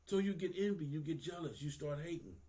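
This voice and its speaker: A vlogger in his 50s speaks in a slightly high, expressive voice with a dark tone, talking fairly quickly. His monologue is candid and earnest, profane and street-casual, and he repeats phrases for emphasis.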